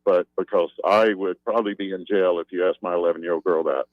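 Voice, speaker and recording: A man calling in to a radio show, indignant and halting, with many fillers. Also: sits low, fairly even intonation, no echo. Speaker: caller. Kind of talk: phone-in call. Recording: muffled phone line.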